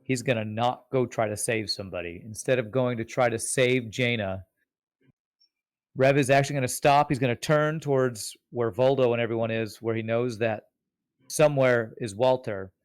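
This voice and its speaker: A man's voice: medium pitch, moderate pace, dry recording. Thoughtful male tabletop player. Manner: thoughtful, explaining his character's choices. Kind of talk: casual tabletop game chat.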